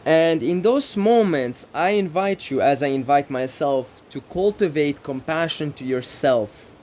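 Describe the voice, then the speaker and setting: A man's voice: fairly high pitch, expressive, measured pace, a little mellow, slight background noise. A man from the Middle East giving an earnest, reflective self-help monologue, often checking in with "right?" and building rhythmic lists. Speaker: spiritual self-help speaker.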